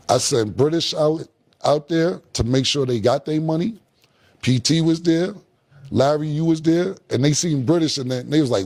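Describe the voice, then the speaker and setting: Gravelly man telling a story. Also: a little high, moderate pace, darkish tone. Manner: acts out quoted dialogue in a laid-back drawl. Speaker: podcast guest. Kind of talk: casual storytelling interview.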